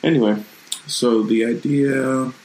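A man's voice: mid-range voice, fairly even intonation, takes it slowly, a little mellow, rough recording. A man hosting his own channel, talking in a loose, rambling and reflective way in a casual live-streamed vlog from his room at home.

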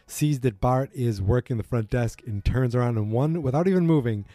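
A man's voice: mid-range voice, normal speed, no room sound. A man casually recapping a TV episode, rambling and correcting himself as he acts out bits of dialogue. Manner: rambling, self-correcting, animated quotes.

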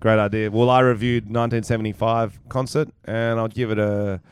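A young Australian man chatting on a podcast with a smooth, resonant voice, recorded close and dry. He is cheeky and loose, swearing freely and laughing often. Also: lowish voice, level tone, a little fast, no echo. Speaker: podcast co-host. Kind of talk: casual chat.

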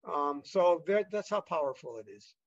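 Slightly high-voiced man, halting storyteller. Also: lively intonation, creaky, dry recording, lo-fi sound. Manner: halting, with many fillers and restarts. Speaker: podcast guest. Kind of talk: casual storytelling interview.

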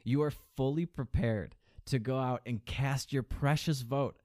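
A man's voice: a little slow, darkish tone, no echo, clean studio sound. A man hosting a podcast, delivering a sneering, profane political rant and mocking his opponents. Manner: mimics opponents in a higher mocking voice. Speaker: podcast host. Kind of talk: political commentary monologue.

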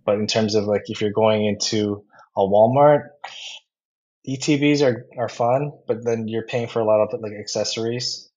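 A man's voice: fairly low pitch, moderate pace, darkish tone, dull audio. A man talking casually as a guest, chatty, with many fillers and restarts. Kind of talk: casual conversation.

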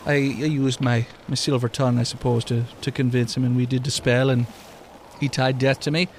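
A man's voice: medium pitch, little pitch movement, fairly quick, a little hiss or hum, lightly acted. A man putting on a folksy Irish-tinged ancient schemer. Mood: scheming, boastful. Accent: put-on Irish. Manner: rambling, folksy storytelling. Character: ancient world-weary man who tricked the devil.

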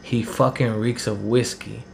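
A man's voice: mid-range voice, flat delivery, unhurried, gravelly, slight background noise. A man, telling a personal story in a rambling, heated, profane way. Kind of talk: casual storytelling.

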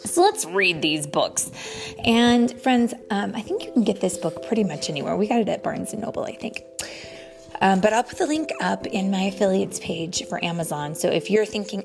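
A young mother reading a bedtime story to her child in a sing-song way, dropping into soft whispers. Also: mid-range voice, expressive, normal speed, creaky, music in the background.

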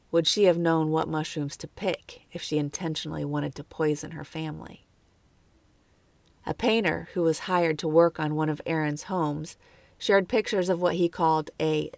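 A woman narrates a true crime case at a steady, measured pace. Her voice sits low and has a gravelly fry. The sound is dry and close, with no room around it. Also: no room sound. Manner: measured, lightly commenting asides.

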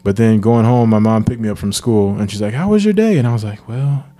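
A man, co-hosting a podcast and telling a childhood story in a casual, animated way. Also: lowish voice, brisk. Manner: animated storyteller, acts out quoted voices. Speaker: podcast co-host.

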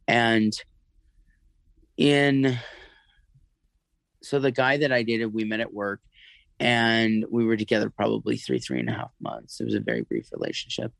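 A man recounting a personal story as an interview guest, halting and emotional, with many restarts and fillers. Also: fairly low pitch, creaky, fairly bright tone, no room sound, rough recording.

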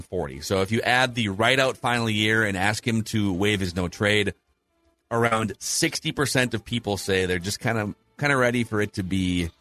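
Low-voiced man hosting a sports talk show. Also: a bit bright. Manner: analytical, runs polls and asks questions. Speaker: podcast host.

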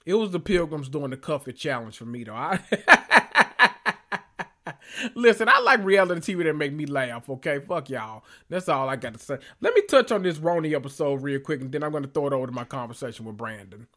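A man hosting a solo reality TV recap podcast, talking in a sassy, profane way with drawn-out emphasis. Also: fairly high pitch, expressive, a bit bright. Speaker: podcast host.

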